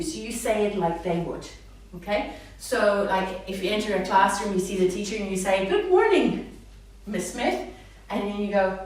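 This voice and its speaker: A woman speech therapist giving a live talk to parents, animated, acting out words in a sing-song voice. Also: medium pitch. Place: hall with a live audience. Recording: echoey room, mic far off, faint noise.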